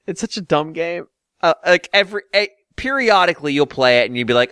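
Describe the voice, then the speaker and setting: A man hosts a casual gaming podcast into a close studio microphone. He talks in a very lively, swooping voice and slides into exasperated, swearing rants broken up by laughter. The recording is dry, with no room sound at all. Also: fairly high pitch, brisk, clear, resonant tone, dry recording. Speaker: podcast host.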